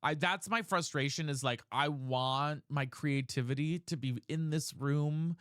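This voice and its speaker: Earnest man with a smooth dry voice. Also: fairly high pitch, fairly bright tone, no room sound. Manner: earnest, searching, with halting restarts. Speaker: livestreamer. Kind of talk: candid casual chat on a livestream.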